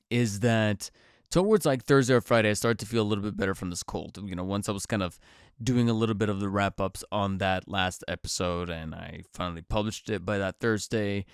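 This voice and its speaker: A podcast host chats casually on his own solo show, his fairly low voice clear and resonant despite sounding a bit nasal and congested from a cold. He rambles, with lots of fillers and restarts. The recording is studio quality with no room sound.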